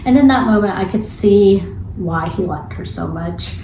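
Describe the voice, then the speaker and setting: A woman giving a casual spoiler review of a film, retelling scenes in an animated, chatty way with some casual swearing. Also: medium pitch, normal speed, a little hiss or hum. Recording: echoey room.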